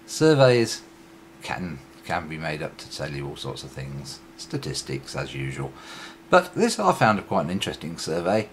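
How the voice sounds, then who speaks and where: A man's voice: very deep voice, sing-song, normal speed, background noise. A man from Britain talking casually to his vlog audience, reading out survey figures with wry, sarcastic asides. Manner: reads figures aloud with asides. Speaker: YouTube vlogger. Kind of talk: casual spoken commentary.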